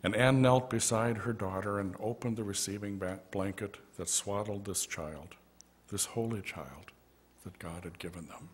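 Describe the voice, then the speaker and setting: Brief: male pastor, slightly low voice, gentle storyteller in a church sanctuary. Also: normal speed, breathy edge. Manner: gentle storytelling with soft asides. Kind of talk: storytelling sermon.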